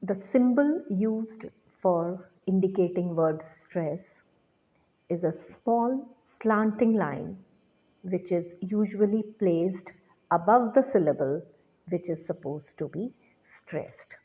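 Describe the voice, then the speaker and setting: Slow-speaking woman teacher, tinny audio. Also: on the low side, animated. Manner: slow, deliberate classroom explanation. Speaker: English teacher. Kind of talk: recorded online lecture. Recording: tinny phone-like sound.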